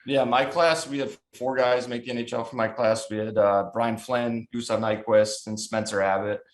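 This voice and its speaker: A man in his thirties from Chicago's south suburbs, a former hockey goalie, swaps stories in a casual, profane podcast chat and laughs a lot. His voice sits in the mid-range with a steady tone and a moderate pace.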